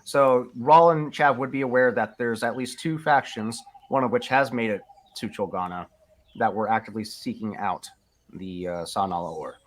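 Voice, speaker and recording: A man's voice: medium pitch, normal speed. A man acting as game master of a tabletop game, talking in a rambling way with many fillers. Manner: rambling, full of fillers and restarts.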